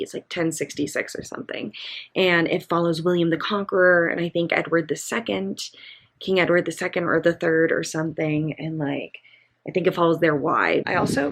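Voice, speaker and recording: A woman's voice: fairly low pitch, creaky, slightly rough. A young woman in her twenties chatting casually in a reading vlog, gushing with lots of "really" and "like". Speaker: book vlogger.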